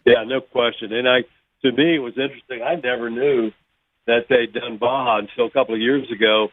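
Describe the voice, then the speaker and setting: A man chats as a guest, rambling and doubling back to rephrase his points. He comes through a thin, tinny phone line with a dry sound and a middling pitch. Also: steady tone, fairly quick, dry recording. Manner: rambling, backs up and restarts thoughts. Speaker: guest, former racing driver. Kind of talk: casual chat on a call.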